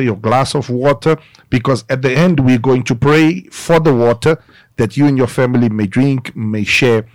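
A man's voice: mid-range voice, dry recording. A man hosting a church radio program from a studio as pastor, speaking earnestly and pleading with listeners, sometimes stumbling and correcting himself. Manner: earnest, pleading, occasional slips and self-corrections. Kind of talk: radio ministry broadcast.

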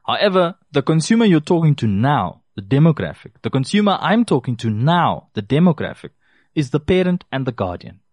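A man's voice: fairly high pitch, big pitch swings, a little fast, a little mellow, dry recording. A man giving consumer advice, talking directly to listeners and repeating key phrases for emphasis. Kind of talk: casual advice talk to listeners.

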